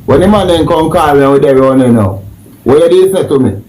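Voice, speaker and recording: A man mediating a heated argument, calming people down and pressing for answers. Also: fairly high pitch, fairly quick, reverberant, low-quality recording.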